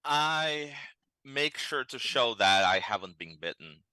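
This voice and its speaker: Casting: man, tabletop player, bright and very animated voice, nervous and hesitant. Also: mid-range voice, takes it slowly, no echo, poor audio. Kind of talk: tabletop role-play, in character.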